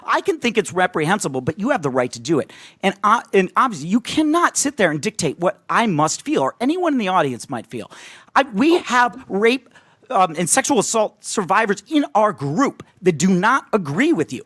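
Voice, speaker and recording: Combative male guest in a heated debate, lively intonation, dry recording. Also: high voice, normal speed, no echo. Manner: combative, interrupting, argumentative. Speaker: podcast guest.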